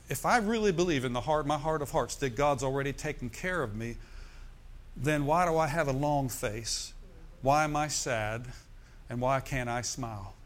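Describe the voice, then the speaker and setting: A middle-aged man preaching a sermon, with "amen" and "hallelujah" thrown in to the congregation. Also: mid-range voice. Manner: preaching with call-and-response asides. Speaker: pastor.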